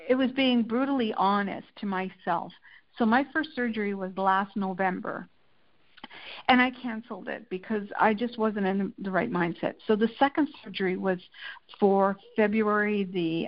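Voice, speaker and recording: Give me a woman guest telling a personal story in an animated way, with slightly dull sound. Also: medium pitch, moderate pace. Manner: animated, tells anecdotes with acted-out quotes. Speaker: interview guest, lifestyle and food editor. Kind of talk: candid conversational storytelling.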